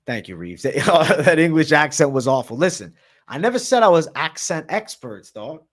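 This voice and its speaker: A man's voice: fairly high pitch, very animated, moderate pace. A man hosting a livestream, casually answering chat with slang and frequent swearing. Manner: profane, slangy, reads and answers chat comments.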